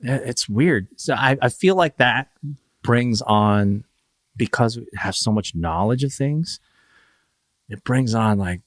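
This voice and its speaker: A man's voice: mid-range voice, expressive, slow pace, no room sound, studio quality. A man from Northern Virginia, a podcast guest in casual conversation, rambling, laughing often and acting out quoted voices.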